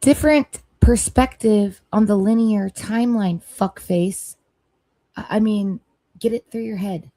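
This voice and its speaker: A woman hosting a reaction livestream, talking at an unhurried pace. She gets heated, swears freely and speaks right to her chat. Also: mid-range voice, mellow, rough recording.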